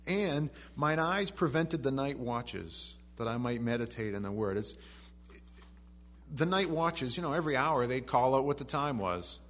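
A man preaching a sermon. He reads scripture softly and then rises to animated emphasis. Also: medium pitch, unhurried.

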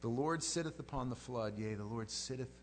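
A pastor delivers a sermon in a conversational, animated style, swinging between loud outbursts and quiet prayer. His medium-pitched voice moves fairly quickly, with a little hiss or hum on the recording.

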